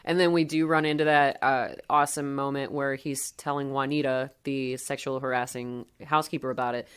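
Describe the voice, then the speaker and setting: Woman co-host, low voice, chatty, laughs a lot. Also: flat delivery, fairly quick, hardly any pauses, clean tone. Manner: chatty, laughs often, recaps scenes playfully. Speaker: podcast co-host. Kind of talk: casual chat.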